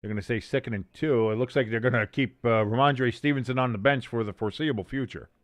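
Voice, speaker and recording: A man's voice: mid-range voice, quick pace, dry recording. A man hosting a casual sports watch-along stream, doing joking, profane play-by-play and banter. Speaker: livestream host doing play-by-play.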